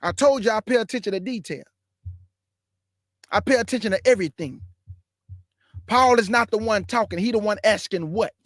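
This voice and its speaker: A man preaching Bible commentary, emphatic and firing rhetorical questions, reading scripture aloud slowly and deliberately. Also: high voice, a bit bright, no echo, studio quality. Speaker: online Bible teacher.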